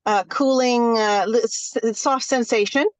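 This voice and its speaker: A woman nurse, a guest on a podcast, telling animated stories with laughs. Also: a little high, a little slow, rough recording. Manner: animated storyteller, laughs, fillers. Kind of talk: podcast interview.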